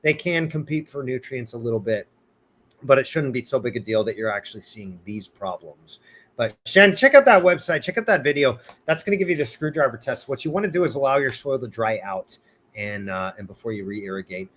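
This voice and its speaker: A man's voice: medium pitch, expressive, fairly quick, a bit bright. A man hosting a casual live arborist Q&A, cracking puns and laughing often as he answers viewers. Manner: joking, punny, laughs often. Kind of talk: casual livestream Q&A.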